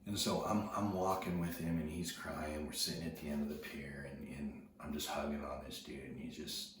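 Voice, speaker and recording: Very deep-voiced man in an echoey space. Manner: earnest, often drops to a hushed near-whisper, repeats words. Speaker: video host. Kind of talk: casual storytelling to viewers. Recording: very echoey, distant from the mic, noisy ambience.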